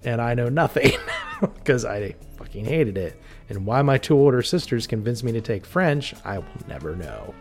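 A man's voice: medium pitch, very animated, moderate pace, soft background music. A man co-hosting a horror podcast who teases his co-host, swears freely and laughs often. He grew up in Pennsylvania. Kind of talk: casual banter.

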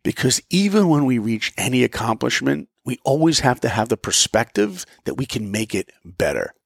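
A man delivers a motivational podcast monologue with an earnest, storytelling manner. His voice has a gravelly edge and swings widely in pitch. The sound is close and dry. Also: sing-song, normal speed, no room sound. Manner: earnest, storytelling with acted-out quotes. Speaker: podcast host.

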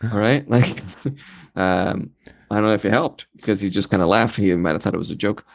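A film director, a man with a fairly low, gravelly voice, recounts an anecdote in conversation. He talks with lively energy and slips into the voices of the people in his story. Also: fairly quick.

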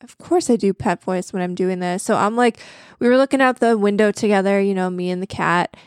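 A woman's voice: medium pitch, brisk, darkish tone, clear, resonant tone, no room sound, studio quality. A woman co-hosting a casual gaming podcast, chatty and candid, often laughing at herself. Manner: chatty, self-deprecating, candid. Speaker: podcast co-host. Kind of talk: casual chat.

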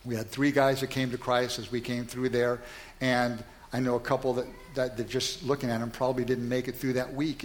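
A man's voice: medium pitch, slight background noise. A man speaking in a candid, self-deprecating and reflective way, telling a personal story in conversation.

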